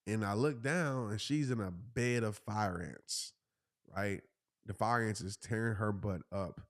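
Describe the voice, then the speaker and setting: A man, telling a story in a casual, animated way and jumping into high voices for the people he quotes. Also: a little slow, dry recording, studio quality. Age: 30s. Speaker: host.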